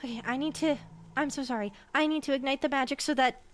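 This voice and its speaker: A woman's voice: sits high, steady tone, fast, slight background noise. A woman speaking as a healer in a voice roleplay, anxious and apologetic, repeating herself a lot. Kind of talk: in-character voice roleplay.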